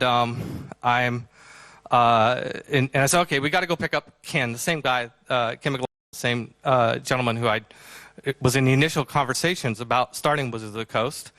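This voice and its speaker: A middle-aged man giving a convention talk, telling a story in an animated way and acting out the quotes with laughter. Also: medium pitch, dry recording. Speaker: convention speaker. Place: auditorium stage.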